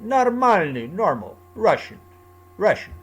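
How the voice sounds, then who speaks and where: A man's voice: high voice, big pitch swings, a little slow, slightly rough. A man talking alone in a rambling, repetitive monologue with loose, off-the-cuff phrasing. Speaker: commentator.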